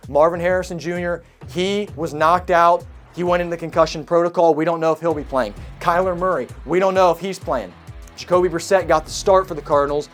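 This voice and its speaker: A man hosting his own sports show, breaking down upcoming games in an energetic, emphatic way and repeating key points. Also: fairly high pitch. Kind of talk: sports preview talk.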